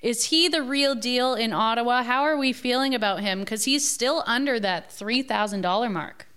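A woman with a smooth, clear voice runs a fantasy sports panel. She keeps the talk moving with upbeat questions, her pitch a touch high. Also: normal speed, fairly bright tone. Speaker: fantasy football panel host. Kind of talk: casual sports panel chat.

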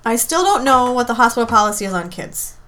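A woman's voice: on the high side, animated, quick pace, sharp tone. A heavily pregnant woman co-hosting a podcast in casual chat, blunt and chatty, laughing often. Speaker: podcast co-host.

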